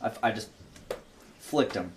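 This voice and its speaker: A man's voice: lowish voice, measured pace, noisy background. A young adult man hosting a podcast, telling a casual story with plenty of laughs and swearing. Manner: animated, laughing, swears freely. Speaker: podcast host.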